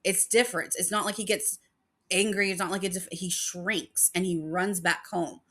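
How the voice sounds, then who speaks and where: A woman's voice: on the low side, fairly even intonation, moderate pace, sharp tone, breathy edge. A woman hosting a paranormal channel, chatting casually and rambling with many fillers, emotional about her dog. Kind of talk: casual chat.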